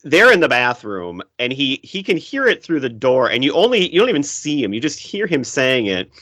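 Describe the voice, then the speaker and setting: Male podcast co-host, animated storyteller, bright tone, dry close sound. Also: medium pitch, normal speed, dry recording. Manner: animated, acts out movie lines in big voices. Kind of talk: casual film chat.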